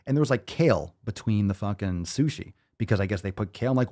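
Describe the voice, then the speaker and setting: A man's voice: on the low side, lively intonation, fast talker, a little mellow. A man hosting a podcast, ranting with blunt, profane, sarcastic commentary and mocking asides. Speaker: podcast host.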